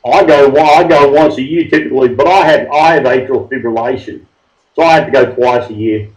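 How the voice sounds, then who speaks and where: Over roomy, dull call audio, an Australian man in his sixties chats casually as a guest at a fairly quick pace with a medium-pitched voice. He rambles in an easygoing way and calls people mate.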